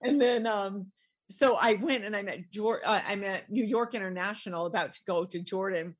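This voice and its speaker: In a casual interview, a middle-aged woman who is a guest author tells her story, animatedly acting out the voices of the people she quotes. Her voice sits in the mid-range and moves at a moderate pace.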